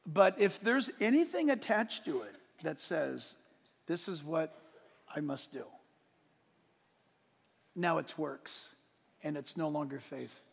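A man preaching a sermon as pastor, emphatic and swinging from hushed asides to shouted points, with a stage microphone in a church sanctuary. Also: a little high, expressive, slow pace, creaky, pauses often, husky. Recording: long hall reverb.

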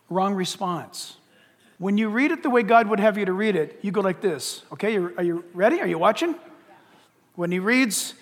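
In a church sanctuary with long hall reverb, a pastor preaches briskly in a high voice full of lively intonation. Speaking from the pulpit, he's emphatic and keeps firing off rhetorical questions.

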